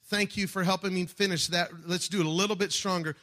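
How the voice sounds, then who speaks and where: A man preaching a sermon, building from calm teaching to fervent shouted passages. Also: high voice, fairly quick, few pauses. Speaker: pastor.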